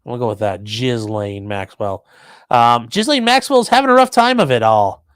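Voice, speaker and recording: A man's voice: mid-range voice, huge pitch swings, moderate pace, fairly bright tone, clear, resonant tone, dry recording. A man hosting a casual live stream, reading viewer comments and riffing on news with crude, offhand jokes. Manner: offhand, crude jokey asides. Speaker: livestream host reading chat.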